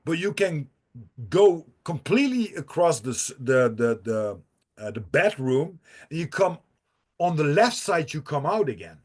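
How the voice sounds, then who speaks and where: A man's voice: on the high side, sing-song, measured pace. A man, a podcast guest telling a profane, rambling story with laughs and restarts. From Netherlands. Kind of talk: casual storytelling.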